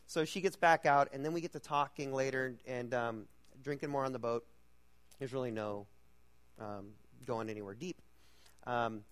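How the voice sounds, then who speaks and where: A man preaching to an audience, telling a personal story in a loose, halting way with many fillers and restarts. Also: medium pitch.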